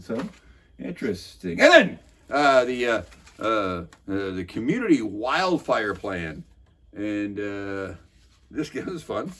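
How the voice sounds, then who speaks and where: Man, husky voice, mid-range pitch, sarcastic and rambling, casual meeting recap. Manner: sarcastic, rambling, many fillers and restarts. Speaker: local commentator recapping a council meeting.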